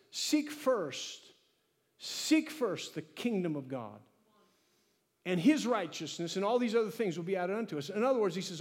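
A pastor delivers a lively sermon with a notably high male voice, acting out conversations with God as he goes. His words ring with a long reverb from the church sanctuary around him. He rises and drops in energy as he preaches.

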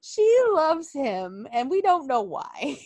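A woman co-hosting a casual chat, telling stories quickly with swearing and impressions. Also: sits high, no room sound. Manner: animated, quick, profane storytelling with impressions. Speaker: podcast co-host.

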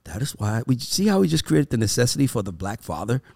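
A man in his thirties co-hosting a casual talk show, telling loud, animated stories. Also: mid-range voice, fast talker, creaky. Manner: loud, animated storytelling with profanity. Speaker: podcast co-host. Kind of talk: casual chat.

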